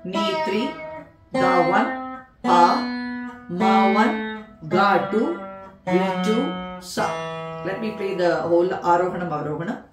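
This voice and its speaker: A woman's voice: lowish voice, takes it slowly, pauses often, echoey room, distant mic, music in the background. A woman teaching veena in a patient tutorial, counting beats and naming the notes one by one. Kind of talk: music tutorial explanation.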